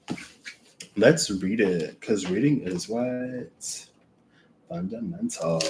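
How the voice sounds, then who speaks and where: A man reading oracle cards aloud in a casual way, with unhurried, musing asides to himself between passages. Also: on the low side. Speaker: oracle card reader.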